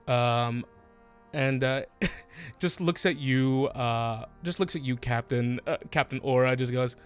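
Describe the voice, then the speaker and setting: A man's voice: medium pitch, a little slow, smooth, soft background music. A man narrating as game master, laughing often and hesitating loosely.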